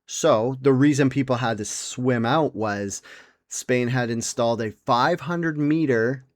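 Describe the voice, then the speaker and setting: A man's voice: medium pitch, a little slow. A young man hosting a podcast in casual chat, rambling and sarcastic, swearing and mimicking people in silly voices. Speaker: podcast host.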